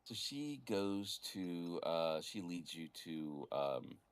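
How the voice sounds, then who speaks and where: A male game master narrates a tabletop game in a deep, low voice. He rambles through scenes, pausing often with fillers as he improvises the story. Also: sing-song.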